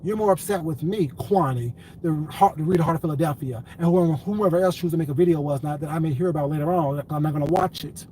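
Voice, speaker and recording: High-pitched man ranting into the camera. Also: fast, few pauses, warm tone, a little hiss or hum, low-quality recording. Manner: profane, repetitive, confrontational. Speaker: commentary vlogger. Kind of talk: ranting commentary vlog.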